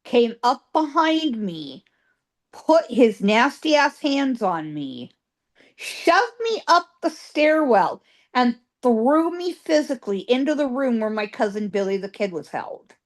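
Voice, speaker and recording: High-voiced woman telling ghost stories slowly. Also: big pitch swings. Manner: emphatic, piles up repeated words. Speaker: guest psychic.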